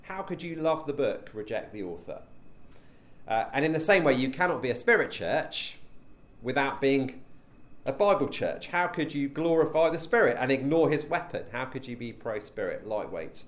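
Lively, chatty male preacher. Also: mid-range voice, moderate pace. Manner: conversational, with frequent ums and rhetorical questions. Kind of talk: teaching session with a group.

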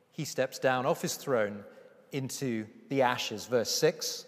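A man preaching a sermon with emphasis, slowing down to read scripture aloud. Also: mid-range voice, animated. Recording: reverberant hall.

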